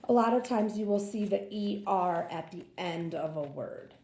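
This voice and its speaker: A woman's voice: medium pitch, normal speed, a little mellow, echoey room. A woman teaching a phonics lesson, patiently sounding out words for young learners.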